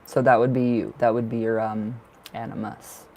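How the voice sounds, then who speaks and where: A man's voice: mid-range voice, little pitch movement, normal speed, darkish tone, a little hiss or hum. A man giving live tarot readings on a stream, chatty and reassuring, full of fillers and emotion. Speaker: tarot reader.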